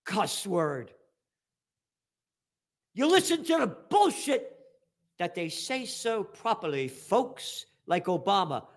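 Older New host, high lively voice, drawn-out delivery, profane and combative, rants and shouts at listeners. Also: male voice. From the Bronx, New York. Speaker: host of a trends news show. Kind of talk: opinionated news commentary.

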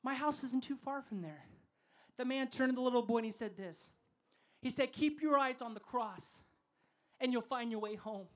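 A man preaching a sermon to a festival crowd, fervent and calling for responses, sometimes rising to shouts. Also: extremely high pitch, moderate pace.

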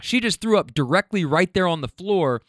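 A man's voice: high voice, moderate pace, no room sound, clean studio sound. A man telling wild stories from his restaurant serving job in a blunt, profane, casual way, riding in a car. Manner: animated, blunt and profane, laughing at own stories. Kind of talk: casual storytelling. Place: inside a car on a ride home.

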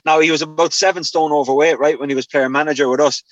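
A man's voice: on the high side, fast talker, no room sound, lo-fi sound. A man with an Irish accent, a former footballer telling stories in a casual chat and quoting others as he goes. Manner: animated storyteller, quotes others in their voices.

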